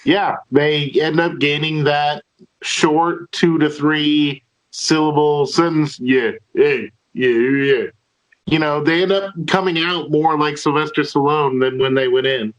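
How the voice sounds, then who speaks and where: Brief: male podcast panelist, casual and jokey, higher pitch, slow delivery. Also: little pitch movement, lo-fi sound. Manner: playful, slips into joking accent impressions. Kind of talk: casual podcast chat over remote call. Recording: remote call audio.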